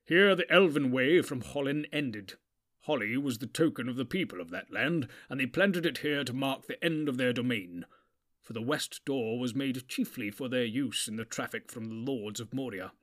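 A man voicing a grave, commanding old male wizard who speaks slowly and deliberately. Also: medium pitch, lively intonation, fairly bright tone, natural voice. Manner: slow, weighty, deliberate. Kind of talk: audiobook character voice.

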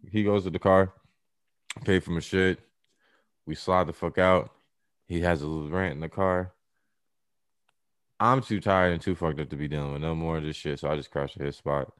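Deep, profane young man telling a story. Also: normal speed, pauses often, no room sound, clean studio sound. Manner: profane, slangy, animated retelling. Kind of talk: casual storytelling.

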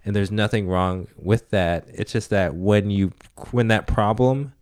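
Deep-voiced young guy hosting a podcast, keeps saying right?, dry close sound. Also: measured pace, clear, resonant tone, no room sound. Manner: animated, swears freely, asks "right?" often. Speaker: podcast host. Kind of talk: casual chat.

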